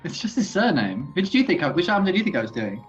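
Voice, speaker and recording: Playful, lively woman on a dull recording. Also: lowish voice, fast, soft background music. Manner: playful, laughs often, cheeky. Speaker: co-host. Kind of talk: casual banter over a drawing game.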